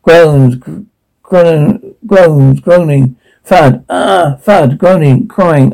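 A man reading out sound cues in a flat, matter-of-fact way. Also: fairly high pitch, very slow, gravelly, rough recording. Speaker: narrator.

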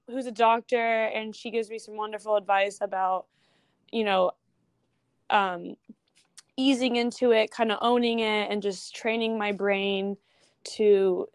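A young woman, a guest photographer, talking casually in an interview, chatty with quick asides and restarts. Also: a little high, fairly even intonation, clear, resonant tone, no echo.

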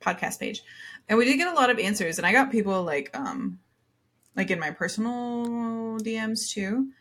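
A young woman with a fairly high, expressive and slightly bright voice speaks at normal speed as a podcast co-host. Telling stories in casual chat, she laughs frequently and uses plenty of fillers.

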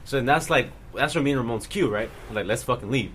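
A young man in casual chat, telling a profane, animated story to friends. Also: medium pitch, fast, a little hiss or hum. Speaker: podcast host.

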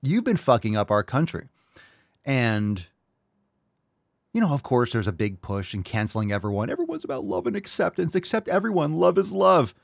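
A man hosting his own livestream podcast, delivering a loud, profane, jokey and hyped-up monologue. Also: medium pitch, big pitch swings, normal speed, creaky, no echo. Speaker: podcast host. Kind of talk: brash comedic livestream monologue.

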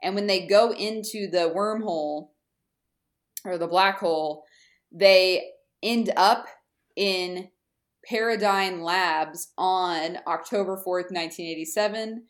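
Speaking slowly in a lowish voice, a woman co-host goes over a kids' TV episode on a podcast. The recap is relaxed and chatty, with many fillers.

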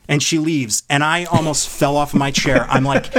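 A man in a heated, casual conversation, pouring out a long retelling with real passion. His voice sits slightly high for a man. He sounds worked up and rambling as he builds his case. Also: moderate pace, hardly any pauses, fairly bright tone.

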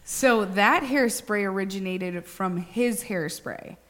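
A woman's voice: medium pitch, takes it slowly, a bit bright. A young woman co-hosting a podcast in casual chat, talkative, laughing often and swearing casually. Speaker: podcast co-host.

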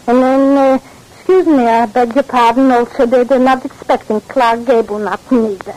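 A woman's voice: fairly high pitch, steady tone, moderate pace, a little mellow, close to an everyday voice, low-quality recording. An actress playing a fussy, flustered middle-aged mother who stammers and repeats her words in a 1940s radio comedy. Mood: fussing.

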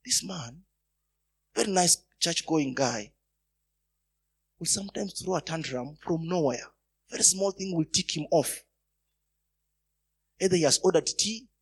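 A man's voice: on the high side, husky. A man preaching a sermon, telling personal stories and breaking into emphatic bursts. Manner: storytelling, rising to emphatic bursts.

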